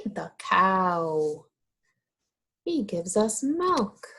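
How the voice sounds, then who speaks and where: A woman leads a lesson for small children, her pitch rising and falling in a sing-song way. She talks very slowly and stretches each word. She asks a question, waits, then gives the answer warmly. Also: big pitch swings. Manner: asks questions and answers them, drawn-out and encouraging. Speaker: teacher. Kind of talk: slow, sing-song teaching of young children.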